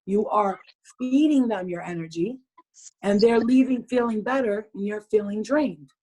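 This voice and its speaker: A woman's voice: medium pitch, moderate pace, mellow, poor audio. A woman hosting a group video call, giving blunt advice in casual chat, swearing freely and laughing often.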